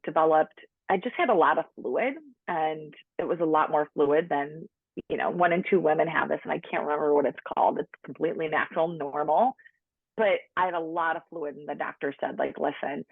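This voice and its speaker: Her voice sits low and is slightly rough, captured dry and tinny like a phone line, with no echo. A woman in her late thirties, she tells her own story in conversation as a podcast guest, chatty, saying "like" often and acting out the people she quotes.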